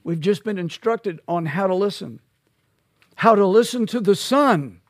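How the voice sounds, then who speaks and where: A male pastor preaching an expository sermon, slow and emphatic, rising to loud peaks on key words. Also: high-pitched, expressive, dry recording, studio quality.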